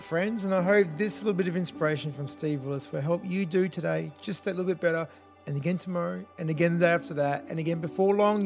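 Upbeat, higher-voiced male podcast host. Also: vocal fry, a little mellow. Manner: encouraging, upbeat. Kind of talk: podcast interview and sign-off.

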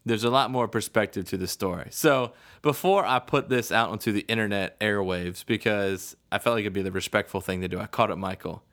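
A man's voice: lowish voice, fairly quick, few pauses, a bit bright. A man in casual podcast chat, telling a story with lots of laughter and frequent "right?" asides.

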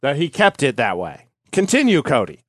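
A man's voice: mid-range voice, huge pitch swings, normal speed, no echo, clean studio sound. A man co-hosting a comedy podcast, throwing out playful wisecracks in casual banter. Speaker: podcast co-host. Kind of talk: joking banter.

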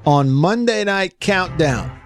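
A man's voice: sits high, takes it slowly, music in the background. Folksy Southern man hosting radio. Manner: folksy, animated storyteller. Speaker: radio show host. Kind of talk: casual radio talk show chat.

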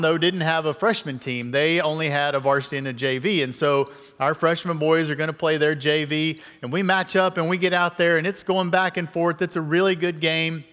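A man's voice: fairly high pitch, fairly bright tone, smooth, in a large hall. A middle-aged man telling a personal story in a conversational, self-deprecating way as a guest speaker in a church sermon. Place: church sanctuary.

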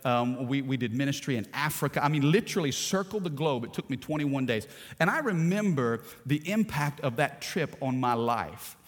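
A middle-aged man from Louisiana, preaching a sermon in a storytelling way that swings from hushed to shouting. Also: medium pitch, animated, normal speed, in a large hall. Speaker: pastor.

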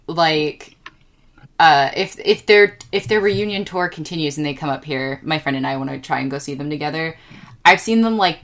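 A woman with a fairly low voice chats on a podcast, rambling from one thought to the next. She gets excitable and fills her talk with ums and restarts. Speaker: podcast co-host. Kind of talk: casual chat.

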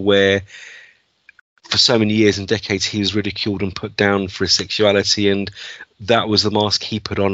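Brief: male podcast co-host, bright and forceful voice, rambling eager film talk, dry lo-fi recording. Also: lowish voice, no echo. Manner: enthusiastic, rambling with fillers. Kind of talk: casual film chat. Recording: dull, dry lo-fi sound.

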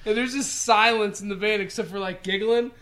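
A man's voice: sits high, steady tone, brisk, sharp tone. A man in his thirties, co-hosting a podcast, tells rambling, profane stories and acts out the quotes. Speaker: podcast co-host. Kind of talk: casual podcast chat.

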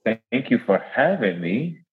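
A man's voice: medium pitch, unhurried, phone-quality sound. Laughing New Orleans man telling stories. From New Orleans, Louisiana. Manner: warm storytelling, laughs often, animated quoting. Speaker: guest priest. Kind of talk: casual interview chat.

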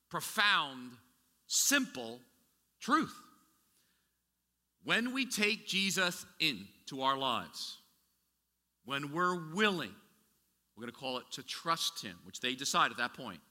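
A man's voice: fairly high pitch, bright, forceful tone, long reverb tail. A man preaching a sermon as a pastor, talking conversationally with rhetorical questions and frequent restarts.

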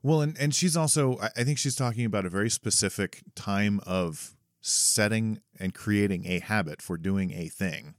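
A man's voice: on the low side, normal speed, hardly any pauses, dry recording, studio quality. A man co-hosting a podcast who explains his ideas at length in a thoughtful way, often restarting his sentences. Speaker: podcast co-host; parent. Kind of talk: casual chat.

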